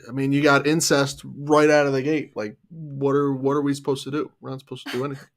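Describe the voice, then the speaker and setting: A woman co-hosting a casual livestream chat, relaxed and dry in her replies. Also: very deep voice, fast. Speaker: livestream co-host.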